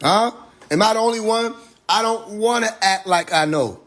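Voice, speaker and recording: A man's voice: high-pitched, normal speed, a bit bright. A man hosting a livestream monologue, preaching with rhetorical questions and profanity. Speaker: livestream host. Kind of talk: Instagram Live monologue.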